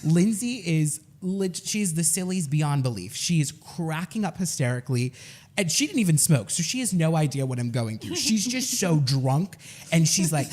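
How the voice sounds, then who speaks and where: A young man co-hosting a podcast, telling a story in a casual, animated way and laughing often. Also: a little high, moderate pace. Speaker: podcast co-host.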